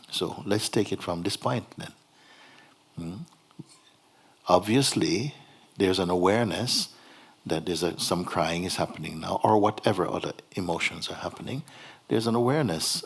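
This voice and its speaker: Male spiritual teacher, low husky voice, unhurried and playful. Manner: gentle, unhurried, laughs often. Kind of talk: satsang dialogue. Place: hall.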